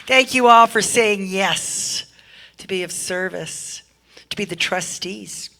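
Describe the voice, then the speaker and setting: A woman's voice: medium pitch, takes it slowly, creaky, pushed and bright. A woman making effusive, heartfelt announcements to a church congregation on a handheld microphone, often repeating her thanks. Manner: effusive, repeats thanks, talks with a catch of emotion. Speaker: church speaker giving announcements. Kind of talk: warm announcements at a church service. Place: church sanctuary.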